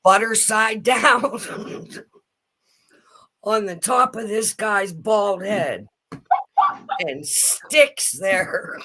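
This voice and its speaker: A middle-aged woman telling a family story in casual chat, animated and laughing as she goes. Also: medium pitch, drawn-out words, long pauses, a little hiss or hum.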